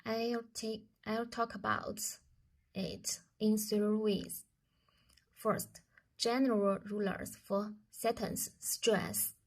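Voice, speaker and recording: A woman with a Chinese accent answers review questions about her course. She speaks unhurriedly and deliberately, at an ordinary middle pitch, and stops often to restart a word or phrase. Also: flat delivery. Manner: slow and careful, with hesitations and restarts. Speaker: student.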